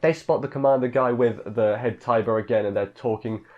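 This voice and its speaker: A man's voice: medium pitch, fairly even intonation, brisk, dull audio, faint music behind. Rambling man recapping an anime. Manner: rambling, offhand, filler-heavy, mimics characters in quotes. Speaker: anime reviewer. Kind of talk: casual episode recap.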